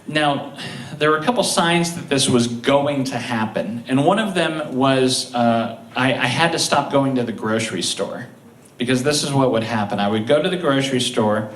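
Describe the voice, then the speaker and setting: A man telling funny stories on stage at a live show, chuckling through them with halting restarts. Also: medium pitch. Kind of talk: live comedic storytelling. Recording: roomy, distant live-stage mic.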